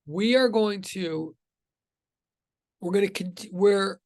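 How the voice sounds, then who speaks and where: A man's voice: sits high, takes it slowly, dry recording. A man teaching a physics class over a video call, greeting students one by one in a rambling, self-interrupting way. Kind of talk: casual online class intro.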